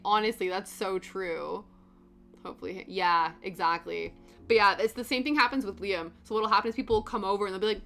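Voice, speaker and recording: Woman streamer, casual rambly chat, middle pitch, soft music under her. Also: fairly quick. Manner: chatty, rambling, lots of "like" and acted-out quotes. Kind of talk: casual chat while cross stitching, reading chat. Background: soft background music.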